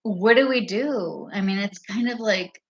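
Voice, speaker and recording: Slow-talking rambling woman vlogger. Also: medium pitch, lo-fi sound. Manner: meandering, profane, loses her train of thought. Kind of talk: rambling casual monologue to camera. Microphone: camera mic.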